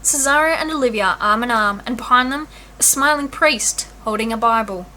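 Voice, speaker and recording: A woman teacher reading a children's storybook aloud in an expressive, clear way. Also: a little high, moderate pace, slight background noise.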